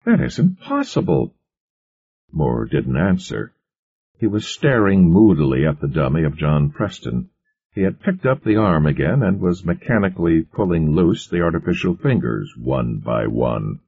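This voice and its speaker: A man reading a science fiction story aloud as narrator, in a steady storytelling manner. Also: extremely low pitch, normal speed, breathy edge. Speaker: audiobook narrator. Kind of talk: scripted narration. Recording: muffled lo-fi recording.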